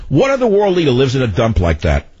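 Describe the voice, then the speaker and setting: An older man hosting political talk radio, ranting in a loud, commanding voice. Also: mid-range voice, wildly swooping pitch, quick pace, no room sound. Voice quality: husky. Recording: dull lo-fi radio broadcast.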